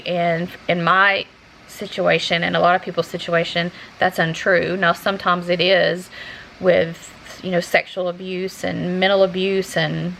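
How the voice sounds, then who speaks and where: A woman vlogger talking in a halting, earnest way with many restarts, close to tears as she speaks to her viewers. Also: on the low side, gravelly, fairly bright tone, a little hiss or hum, poor audio. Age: adult. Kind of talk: unscripted personal talk to camera.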